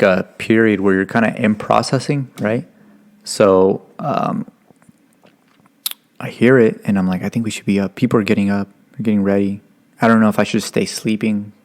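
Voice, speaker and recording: Man, gravelly voice, low pitch, casual podcast storytelling, swears a lot. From United States. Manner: profane, rambling, acts out drill instructors' yelling. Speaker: guest.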